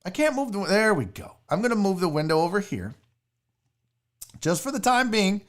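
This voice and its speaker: A woman's voice: mid-range voice, sing-song, moderate pace. A woman hosting a casual livestream chat, blunt, profane and mocking as she reacts. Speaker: sports show host.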